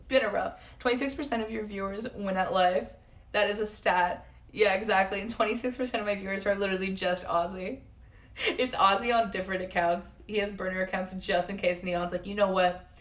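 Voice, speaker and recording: A woman's voice: medium pitch, a bit bright. A woman in her twenties chatting casually on a live stream, answering chat and swearing now and then. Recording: voice somewhat distant from the mic.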